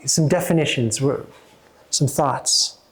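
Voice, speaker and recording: A man, a therapist and coach, speaking earnestly to a small audience, halting with many restarts. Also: medium pitch.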